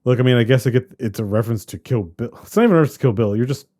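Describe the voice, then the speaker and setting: A man co-hosting a podcast, chatting casually about a movie in a rambling, animated way that keeps trailing off and restarting. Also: medium pitch, very fast. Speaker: podcast co-host. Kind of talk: casual movie review chat.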